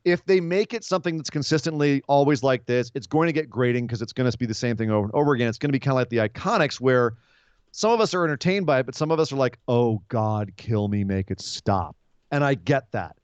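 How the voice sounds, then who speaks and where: A man co-hosting a casual wrestling podcast, talking in long, animated, rambling explanations full of asides. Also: mid-range voice, fast, no room sound, dull audio. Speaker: podcast co-host.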